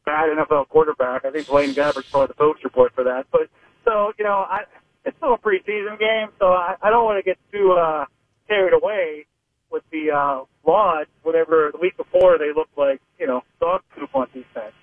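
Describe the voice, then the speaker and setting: A man's voice: on the high side, brisk, no echo. A man from Pittsburgh, a sports reporter calling into a radio show, talking in rambling, hesitant sentences full of restarts. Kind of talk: phone-in sports radio analysis. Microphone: phone. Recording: narrow phone line.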